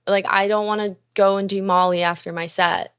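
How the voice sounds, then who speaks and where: A woman's voice: medium pitch, normal speed, smooth, no room sound, clean studio sound. A young woman hosting a podcast, telling a story casually, swearing often and acting out what people said. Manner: profane, animated, acts out quoted dialogue. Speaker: podcast host and musician.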